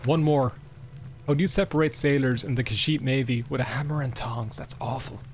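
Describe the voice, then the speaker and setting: A man streaming a game live, swearing, laughing and reading in-game books aloud with excitement. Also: medium pitch, fairly quick, a little hiss or hum. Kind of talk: live gameplay commentary.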